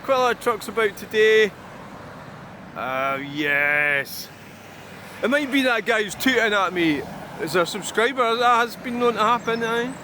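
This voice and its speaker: Standing by a busy roundabout, a truck-spotting vlogger rambles and grumbles in a casual monologue, swearing freely. His voice is very high, brisk and sharp in tone. Cars and trucks pass constantly, filling the recording with outdoor traffic noise.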